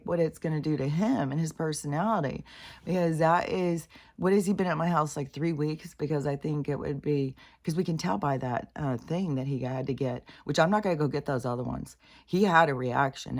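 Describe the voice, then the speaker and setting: Low-voiced woman rambling on her vlog, all over the place, lots of swearing. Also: a little mellow. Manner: scattered, swears a lot. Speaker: spiritual vlogger. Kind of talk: casual rambling monologue.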